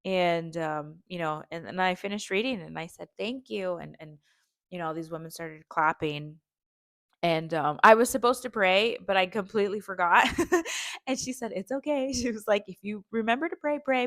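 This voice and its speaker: A woman's voice: on the low side, fairly bright tone, dry recording, studio quality. A young woman hosting a podcast, telling a personal story in a heartfelt, rambling way with many fillers and restarts. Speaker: podcast host.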